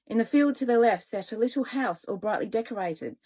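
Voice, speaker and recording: A woman and children's author reading her own story aloud in a relaxed way, now and then correcting herself. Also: fairly high pitch, fairly quick, slightly rough, poor audio.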